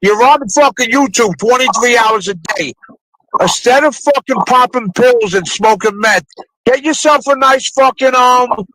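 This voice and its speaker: A man's voice: very high voice, unhurried, pushed and bright, no room sound, low-quality recording. A man in a heated live call argument, taunting and mocking with heavy profanity.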